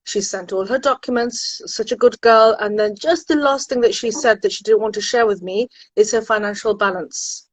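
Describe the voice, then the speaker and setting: A woman's voice: a little high, normal speed, few pauses, no echo, poor audio. A woman who works as a university admissions consultant, chatting animatedly with viewers on a live stream from home. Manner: chatty and animated, frequent exclamations.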